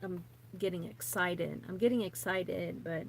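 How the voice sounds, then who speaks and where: A woman's voice: on the low side, fairly even intonation, unhurried, creaky, slight background noise. A woman in her thirties, a vlogger, rambling chattily and nervously to camera with many fillers and restarts. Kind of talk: casual rambling chat to camera.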